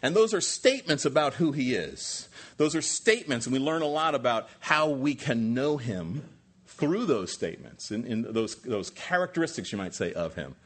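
A husky-voiced man in his sixties preaches a sermon in an earnest, conversational way. He stacks repeated phrases to build emphasis and sometimes restarts mid-sentence. His voice sits at an ordinary middle pitch. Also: sing-song, normal speed. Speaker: pastor.

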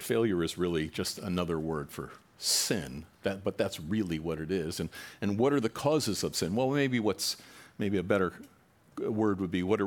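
A man preaching a sermon to his congregation in a conversational way, now and then acting out quoted voices with rising animation. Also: low-pitched. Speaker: pastor.

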